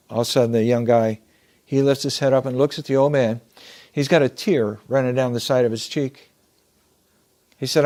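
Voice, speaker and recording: A man speaking in an earnest, measured way, like a motivational speaker telling a story. His voice sits at an ordinary middle pitch, and he draws out key words for weight. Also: fairly even intonation, darkish tone. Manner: measured, earnest, slows down for emphasis. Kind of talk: storytelling talk.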